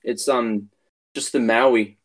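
A man's voice: mid-range voice, fairly even intonation, takes it slowly. A man co-hosting a casual podcast chat, rambling loosely, swearing and losing his words mid-sentence. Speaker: podcast co-host.

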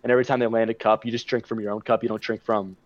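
Speaking very fast in a lowish, level voice, a young podcast co-host swears heavily while chatting casually about a meandering party story. There's no echo, and the recording is muffled and dry.

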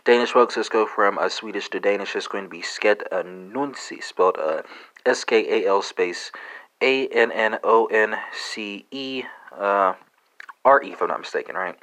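A man's voice: on the low side, moderate pace, a bit bright, low-quality recording. A man hosting a language-learning podcast, spelling conjugations letter by letter with frequent "uh" and a questioning "right?".

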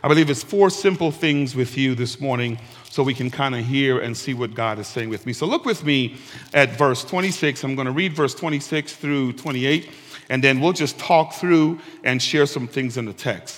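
A pastor preaching a sermon, reading scripture slowly and emphatically and calling on the congregation to respond. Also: male voice, mid-range voice, fairly bright tone. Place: church sanctuary. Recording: long hall reverb with guitar music.

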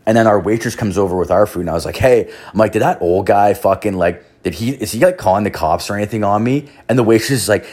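A man's voice: fairly low pitch, fast, hardly any pauses, a little mellow. A young man hosting a podcast, telling a rambling, profane story full of fillers. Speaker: podcast host. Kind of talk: casual storytelling monologue.

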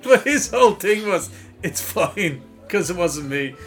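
A man's voice: high voice, measured pace, music in the background. A man with a Dublin Irish accent telling a long pub story in casual podcast chat. He swears constantly and acts out other people's lines. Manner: animated, profane storyteller acting out voices.

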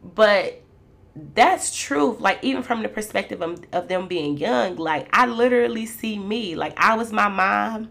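Chatty woman with a gravelly voice. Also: medium pitch, lively intonation, measured pace, a bit bright. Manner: chatty and candid, addresses listeners as "y'all". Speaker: mother sharing reflections. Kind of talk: casual faith-based talk.

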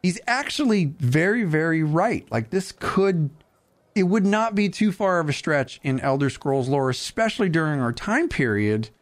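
A man hosting a casual gaming podcast, animated and jokey, with quick asides. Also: a little high. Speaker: podcast host.

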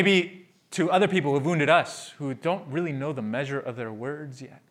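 Male pastor, sermon, slightly raised pitch, animated storytelling into hushed prayer. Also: moderate pace, hardly any pauses.

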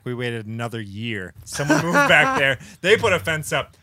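A man's voice: mid-range voice, very animated, normal speed, bright, forceful tone, no echo, clean studio sound. A man co-hosting a podcast, telling profane, ranting stories in casual chat. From Michigan. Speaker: podcast co-host.

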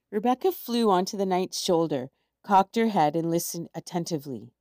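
A woman reading a storybook chapter aloud in a measured, expressive way. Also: fairly low pitch, no echo, studio quality. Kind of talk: scripted storybook narration.

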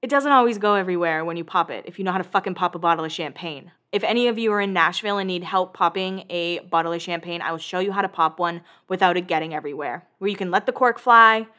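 A woman in her thirties hosting a podcast, gossiping through a casual, chatty recap of a reality show. She acts out the cast's lines in quick bursts and swears freely. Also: lowish voice, pushed and bright.

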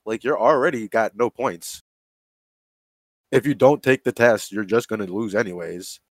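A man chatting casually and swearing freely, telling stories in an animated way with plenty of "like.". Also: fairly low pitch, moderate pace, no echo. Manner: profane, animated storytelling full of "like". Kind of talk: casual chat.

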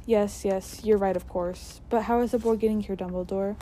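Stern older witch professor, brisk and doubtful; woman reading aloud. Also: medium pitch, fairly even intonation, warm tone, a little hiss or hum, natural voice.

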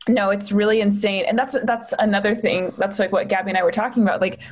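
A woman's voice: medium pitch, steady tone, quick pace. Rambly, swearing woman comedian. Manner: rambling, filler-heavy storytelling with frequent swearing. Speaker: stand-up comedian guest. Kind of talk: casual podcast chat.

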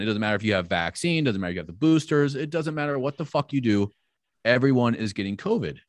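Low-voiced man ranting bluntly. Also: no echo. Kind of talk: casual heated podcast chat.

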